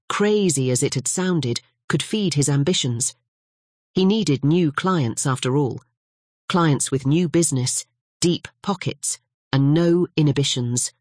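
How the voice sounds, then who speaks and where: An audiobook narrator giving scripted, measured narration of a novel. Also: mid-range voice, no room sound, clean studio sound. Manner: measured, even storytelling.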